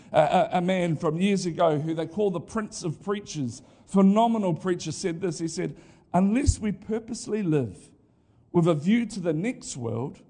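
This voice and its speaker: A middle-aged male pastor preaching a sermon in a lively, conversational way, with asides to the congregation. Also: sits high.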